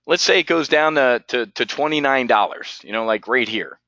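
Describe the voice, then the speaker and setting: A man's voice: medium pitch, normal speed, sharp tone, dry recording, dull audio. A man teaching options trading on a live webinar, asking rhetorical questions and calling on viewers by name.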